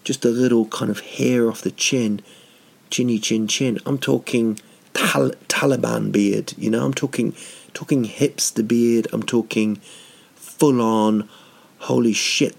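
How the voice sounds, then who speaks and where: A man's voice: medium pitch, fairly even intonation, a little slow, creaky, a little mellow. A middle-aged comedian hosting his podcast alone, telling meandering, self-mocking stories that drift into tangents. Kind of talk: rambling comic storytelling monologue.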